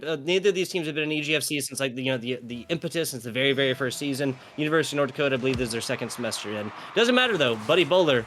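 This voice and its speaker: Bright-voiced American esports caster. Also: male voice, a little high, slight background noise. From United States. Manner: joking, rambling, filler-heavy. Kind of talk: live esports play-by-play and banter.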